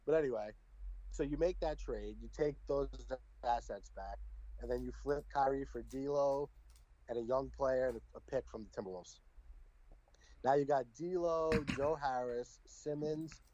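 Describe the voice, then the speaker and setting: A man's voice: mid-range voice, unhurried, dark tone, no room sound, dull audio. A man co-hosting a casual sports podcast, brash and joking as he trash-talks, heard over a remote call. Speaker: podcast co-host.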